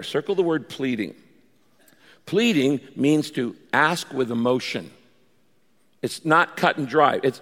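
A man delivers a sermon as pastor, lively and dramatic, slipping into pleading prayers and story voices. His voice sits a little high for a man. It rings with the long reverb of a large church hall. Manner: animated preaching, acts out pleading prayers.

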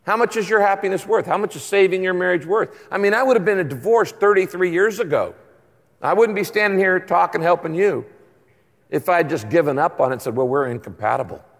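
Humorous preacher in a reverberant hall. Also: male voice, sits high. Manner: conversational, humorous storytelling preacher. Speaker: pastor. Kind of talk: sermon. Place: large church auditorium.

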